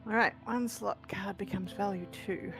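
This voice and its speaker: A woman's voice: medium pitch, steady tone, normal speed, vocal fry, over music. A middle-aged woman casually thinking aloud while playing a card game. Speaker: streamer's mother, playing the game.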